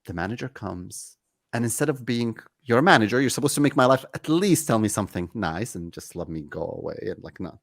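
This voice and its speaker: A man talking casually as a guest in an interview, telling a story with lively energy and acting out both sides of the conversation. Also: on the low side, a little fast, no room sound, studio quality. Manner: animated, acts out both sides of anecdotes. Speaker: guest, company CEO.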